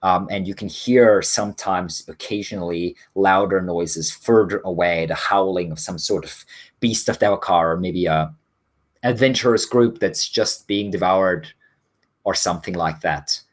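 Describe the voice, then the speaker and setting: Relaxed man narrating a tabletop game. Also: sits low, moderate pace. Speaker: game master.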